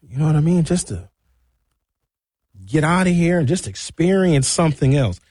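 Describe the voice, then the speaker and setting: A man hosting a talk radio show, chatting casually to listeners with lively slangy asides, from a studio mic. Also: on the high side, moderate pace, slightly rough, no echo.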